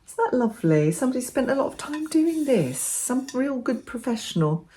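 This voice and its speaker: In a casual vlog, a middle-aged woman chats enthusiastically while showing off her bargain finds. Her voice sits high and sounds warm and very animated, moving at a normal speed.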